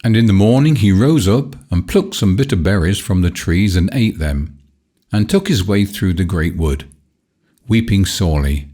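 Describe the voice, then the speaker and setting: A man narrating a fairy-tale audiobook in measured, old-fashioned storytelling. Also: deep voice, expressive, warm tone, breathy edge.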